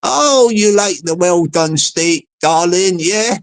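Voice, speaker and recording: A man's voice: sits high, expressive, slow, voice pushed down, exaggerated voice. A man playing a sly male online troll, talking in a sneaky, wheedling way.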